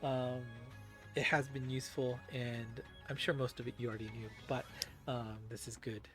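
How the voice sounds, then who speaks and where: A man's voice: medium pitch, level tone, normal speed. A man hosting a casual game news recap, chatty with many filler words, over faint background music.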